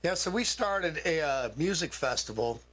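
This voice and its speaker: A man's voice: fairly high pitch, animated, normal speed, fairly bright tone, low-quality recording. A man answering interview questions bluntly and casually, as a guest musician.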